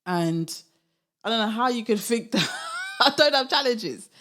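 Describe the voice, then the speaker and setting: A woman's voice: a little high, animated, unhurried, a bit bright. A young woman hosting her own podcast, talking casually and animatedly, often laughing and asking rhetorical questions. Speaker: podcast host. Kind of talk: casual solo podcast monologue.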